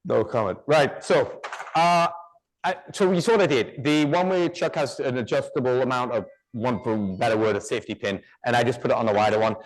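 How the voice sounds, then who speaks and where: A man's voice: mid-range voice, fairly quick. A man giving a live woodturning demonstration, chatty and joking, with rambling asides.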